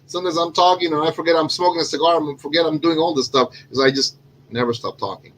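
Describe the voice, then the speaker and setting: A man's voice: a little high, quick pace, fairly bright tone, a little hiss or hum, poor audio. A man from Cuba hosting a casual cigar show, rambling and correcting himself with lots of fillers. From Cuban. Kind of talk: casual chat.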